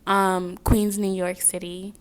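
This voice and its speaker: A woman's voice: mid-range voice, little pitch movement, slow, clean tone. A young woman giving a casual tarot reading, chatty and rambling, drifting off on tangents between the cards. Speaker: tarot card reader.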